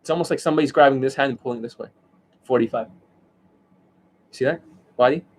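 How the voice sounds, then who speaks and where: A man's voice: mid-range voice, quick pace. A man ranting as a dating coach on a livestream, profane and mocking, who keeps demonstrating and asking whether you see it. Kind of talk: livestream rant.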